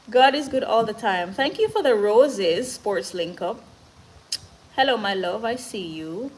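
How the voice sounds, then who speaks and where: A Jamaican-accented woman hosts a casual live stream, reading viewer comments in a slow, medium-pitched voice with big pitch swings and frequent pauses. She sounds earnest and motivational, shifts between patois and standard English, and is short of breath. The low-quality recording carries a slight hiss or hum.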